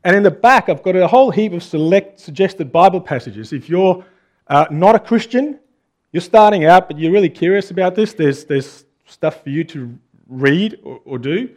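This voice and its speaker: A man's voice: sits high, animated, normal speed, a little mellow. Earnest man preaching. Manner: earnest, conversational preaching with frequent rhetorical questions. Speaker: pastor. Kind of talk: sermon.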